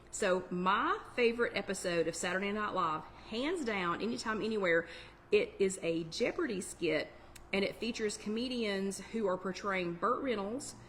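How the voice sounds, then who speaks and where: A woman's voice: mid-range voice, a bit bright, a little hiss or hum. Chatty woman hosting. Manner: chatty and digressive, answering viewers' comments. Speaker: host of a weight-loss support chat. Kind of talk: casual live-stream chat.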